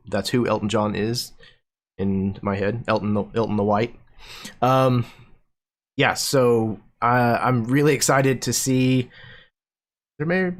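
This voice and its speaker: A man hosting a tabletop game stream as game master, introducing players in a laid-back, joking way. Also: medium pitch.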